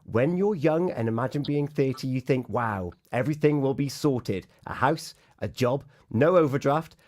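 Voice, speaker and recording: A man's voice: mid-range voice, normal speed, a little mellow. A man hosting a breakfast radio show, chatting casually with a guest and laughing easily.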